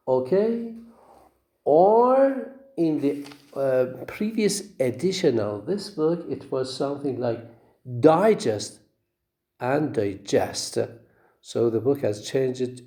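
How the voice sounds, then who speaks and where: A male lecturer talks slowly through a phonetics lesson. His mellow voice swings widely in pitch as he repeats example words to show stress. He pauses often with hesitant fillers. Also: echoey room. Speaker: teacher.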